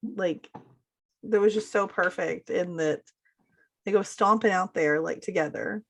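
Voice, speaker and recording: A woman's voice: fairly low pitch, unhurried, gravelly, fairly bright tone. A woman co-hosting a casual podcast chat, rambling with lots of filler words. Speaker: podcast co-host.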